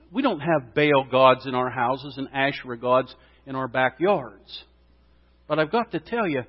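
A man preaching in a church, slightly higher-voiced than most men, and he swings from quiet asides to loud, rising exclamations. His voice rings with a long hall reverb, and the sound is a little dull. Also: slightly rough. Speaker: pastor. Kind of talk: sermon.

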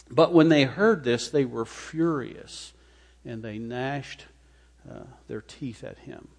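A man's voice: slow pace, a little mellow. Preaching man in a reverberant hall. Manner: preaching with rising bursts of emphasis, then dropping low. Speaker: pastor. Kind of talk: sermon.

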